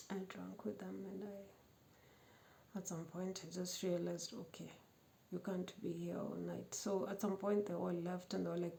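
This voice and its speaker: A woman telling her personal testimony with emotion, repeating phrases and often dropping to a hushed whisper. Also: lowish voice, creaky, slight background noise. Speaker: storyteller sharing a personal testimony.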